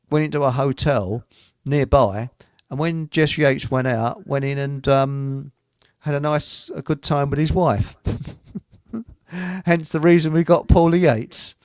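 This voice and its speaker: A man's voice: mid-range voice, darkish tone, dry recording, clean studio sound. A man hosting a casual radio chat, rambling through anecdotes with chuckles. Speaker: host.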